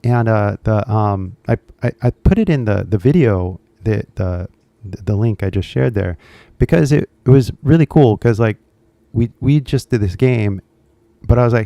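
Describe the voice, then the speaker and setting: A man's voice: lowish voice, animated, normal speed, gravelly, dark tone, no room sound, dull audio. A man with a Californian accent chatting casually on a live stream, rambling and scattering "like" and "you know" all through his talk. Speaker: English-teaching YouTuber on a live stream.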